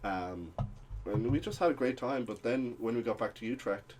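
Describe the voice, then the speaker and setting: A man's voice: medium pitch, moderate pace, darkish tone, slight background noise. A young Irish man co-hosting a podcast, telling rambling travel stories in casual chat with plenty of ums and uhs. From Ireland. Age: young adult. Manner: rambling anecdotal storytelling with many fillers. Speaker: podcast co-host.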